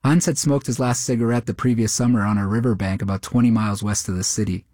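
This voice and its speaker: Man reading a story, lowish voice. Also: no echo, clean studio sound. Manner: steady, measured narration. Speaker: narrator.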